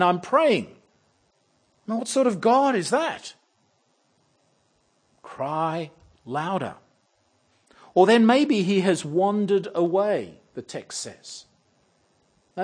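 A preacher delivers a verse-by-verse sermon in a fairly high voice. He is animated and wryly mocking. He swings between loud, punchy bursts and quiet, drawn-out lines. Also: husky. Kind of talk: expository sermon.

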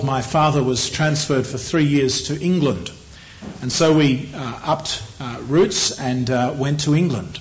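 A middle-aged man with an Australian accent preaching a sermon in a measured, earnest way, often slowing down on key phrases. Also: mid-range voice, poor audio.

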